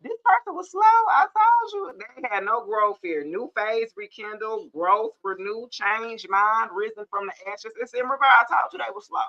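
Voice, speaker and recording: A woman's voice: fairly high pitch, big pitch swings, moderate pace, hardly any pauses, bright, forceful tone, lo-fi sound. Sassy woman giving a blunt tarot reading. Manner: sassy, blunt, laughing asides. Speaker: tarot reader. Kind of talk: casual tarot reading to camera. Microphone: phone or camera mic.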